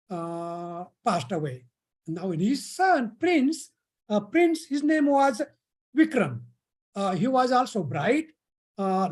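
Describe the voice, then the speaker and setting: A storyteller relating an old folk tale to a camp of young listeners. The telling is halting, full of pauses and restarts, at a middling pitch. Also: darkish tone. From India.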